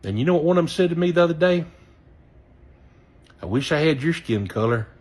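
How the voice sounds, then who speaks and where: A Southern-accented voter rants angrily in a voice on the high side, fairly quick, a little mellow, with lively intonation. He swears a good deal, apologizing every so often for his language.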